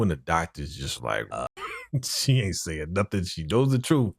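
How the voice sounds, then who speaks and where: A man giving a casual, animated recap of a TV episode, talking in slang and filling his speech with "you know.". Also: low voice, unhurried, gravelly, no room sound, clean studio sound. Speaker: TV episode reaction host.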